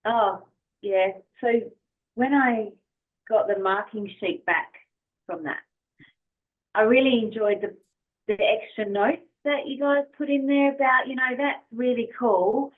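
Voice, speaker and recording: A woman's voice: on the high side, a little slow. Australian woman, guest on podcast, friendly, enthusiastic, thin phone-like audio. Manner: friendly, enthusiastic, soft-spoken. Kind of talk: casual interview chat. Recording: phone-like remote call audio.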